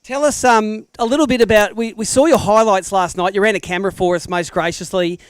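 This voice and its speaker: Brief: Australian male emcee, quick and high, clear smooth tone, matey energy. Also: dry recording. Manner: energetic, matey banter with anglers. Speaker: tournament emcee. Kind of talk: live weigh-in commentary. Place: outdoors at a lakeside weigh-in.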